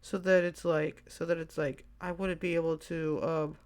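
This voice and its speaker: A man's voice: on the high side, little pitch movement, normal speed. A tired young man hosting a solo podcast, rambling and hesitant with lots of fillers and restarts, yawning now and then. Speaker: podcast host.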